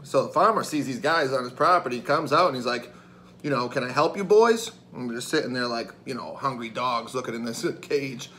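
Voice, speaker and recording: Animated man telling a crude story. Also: mid-range voice, a little fast, slight background noise. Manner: animated, crude, laughing as he tells it. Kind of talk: casual storytelling.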